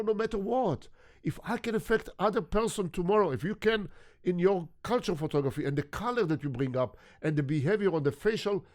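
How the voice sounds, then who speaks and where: A man's voice: on the high side, a little mellow. Earnest older man, English. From Israel. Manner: earnest, repeats words, non-native grammar. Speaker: guest photographer. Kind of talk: conversational interview storytelling.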